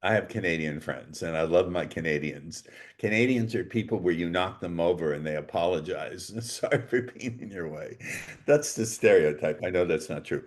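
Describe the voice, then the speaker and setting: A man's voice: deep voice, moderate pace. Playful man hosting a podcast. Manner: playful, jokey, theatrical emphasis. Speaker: podcast host. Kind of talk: lively podcast interview.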